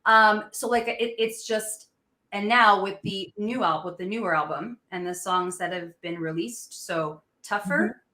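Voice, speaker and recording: Excited woman host in an echoey room. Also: mid-range voice, measured pace. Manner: excited, gushing fan with frequent laughs. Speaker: podcast host. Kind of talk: casual interview chat.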